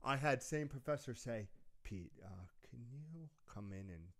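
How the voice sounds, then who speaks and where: A young man telling lively stories in a casual chat, often laughing mid-sentence. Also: medium pitch, a little slow. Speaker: podcast co-host.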